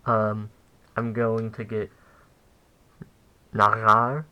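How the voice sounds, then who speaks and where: A young man talks through a grammar lesson in an easygoing, unhurried way. His voice sits fairly low, and he often pauses on fillers and corrects himself as he goes. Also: fairly even intonation, highs cut off. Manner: halting, with many fillers and self-corrections. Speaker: language teacher. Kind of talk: casual explainer lesson.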